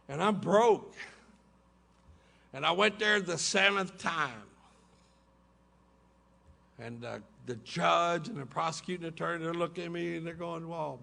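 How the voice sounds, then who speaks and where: At a recovery meeting held in a hotel conference room, a middle-aged man recounts his story in a folksy way, breaking into laughing asides. He speaks on the high side, with vocal fry and a fairly bright tone.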